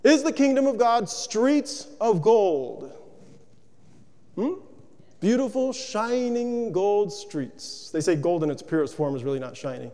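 Man, preacher, sermon, mellow tone, rhetorical questions, conversational, echoing church hall. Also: high-pitched, sing-song, unhurried.

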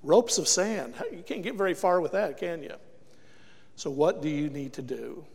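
A man's voice: on the high side, lively intonation, normal speed, vocal fry, a little mellow, slightly rough, long reverb tail. A man preaching a sermon to a congregation, emphatic and throwing rhetorical questions at the listeners, recorded in a church. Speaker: guest preacher. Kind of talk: sermon with altar call.

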